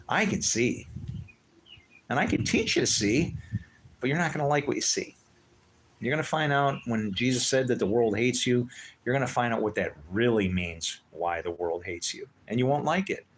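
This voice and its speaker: Guy, mid pitch, fiery profane preacher-style livestream host. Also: a little hiss or hum. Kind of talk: livestream rant.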